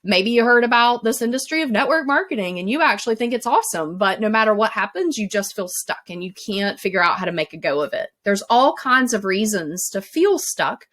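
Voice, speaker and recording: Woman, life coach, casual motivational talk, chatty, self-laughing, mid pitch. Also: expressive, a little fast, hardly any pauses, a bit bright. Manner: chatty and conversational, laughs at herself.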